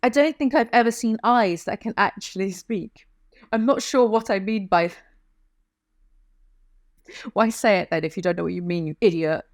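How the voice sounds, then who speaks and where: A young woman reviewing a novel for comedy, reading passages aloud and cutting in with sarcastic, deadpan asides. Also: medium pitch, normal speed, pauses often, no room sound, clean studio sound. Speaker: book reviewer.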